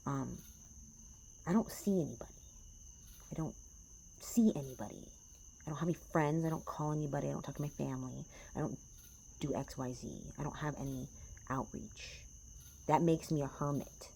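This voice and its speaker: Very low-voiced woman talking tarot. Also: steady tone, fairly quick, vocal fry, mellow, slight background noise. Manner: profane, passionate, rambling. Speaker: tarot reader. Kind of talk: casual vlog talk to viewers. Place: small house in the woods.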